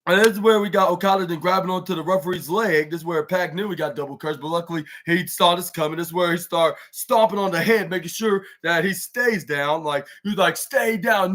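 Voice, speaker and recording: A podcast host reviewing wrestling gives a loose, rambling play-by-play recap full of fillers and restarts, acting out the wrestlers' lines in a raised voice. His voice is high and fairly bright, moving a little fast with few pauses.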